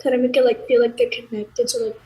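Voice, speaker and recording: A woman's voice: fairly high pitch, level tone, fast talker, dark tone, rough recording. Hesitant young-sounding woman student. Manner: hesitant, many fillers. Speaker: piano student.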